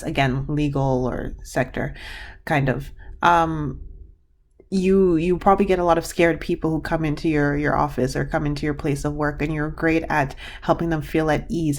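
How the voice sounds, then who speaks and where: A woman giving a pick-a-card reading to her viewers, rambling and gushing, with many restarts. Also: low-pitched. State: tearful. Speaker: tarot card reader.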